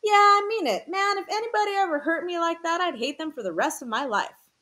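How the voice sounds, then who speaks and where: A woman's voice: extremely high pitch, expressive, fairly quick, sharp tone, voice pushed up, full character voice. Woman doing a brash, cocky teen boy. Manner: brash and dismissive. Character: blunt, cocky teenage boy.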